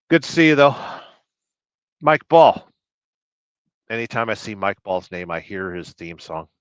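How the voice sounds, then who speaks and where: Reading chat names and viewer comments aloud, a man rambles and cracks jokes on a casual livestream. His voice sits on the low side but is a bit bright, and the audio is dry and dull.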